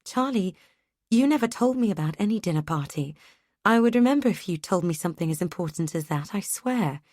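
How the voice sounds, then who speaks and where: A woman's voice: lowish voice, animated, fairly quick, darkish tone, dry recording, studio quality. A woman voicing a flustered, out-of-breath spouse who pleads and defends themselves on the phone. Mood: pleading.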